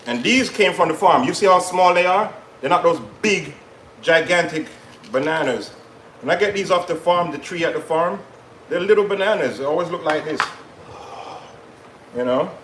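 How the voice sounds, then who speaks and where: Man hosting a live kitchen stream, talks to the viewers as he cooks; slightly high voice, roomy sound with faint background noise. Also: moderate pace, long pauses, fairly bright tone. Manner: chatty, patois-tinged asides to viewers. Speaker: cooking show host. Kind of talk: live cooking stream chat.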